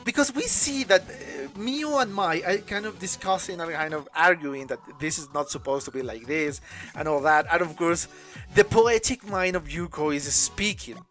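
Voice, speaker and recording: A woman's voice: on the low side, moderate pace, a bit bright, faint music behind. A woman hosting an anime reaction, talking casually in non-native English and often breaking into laughter.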